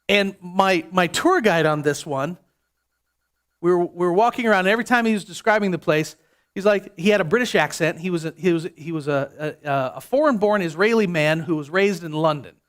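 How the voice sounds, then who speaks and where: A male pastor gives a sermon in a relaxed, conversational tone. His voice sits high for a man, and he jokes with the room, often circling back and restarting his phrases. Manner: conversational, jokey preaching with frequent restarts.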